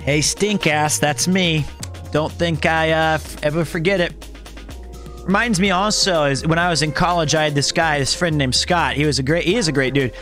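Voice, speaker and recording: A man in his thirties with a high, bright, sharp voice chats loosely on a live stream. He rambles through self-mocking tales and cracks jokes. Soft music plays behind him. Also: steady tone, moderate pace. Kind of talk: casual chat with live chat.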